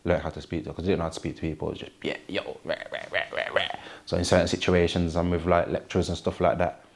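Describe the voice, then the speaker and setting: A man's voice: sits low, level tone, very fast. A young man with a Wolverhampton accent, a rapper talking casually in an interview, full of street slang and "you get me" tags. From Wolverhampton, England.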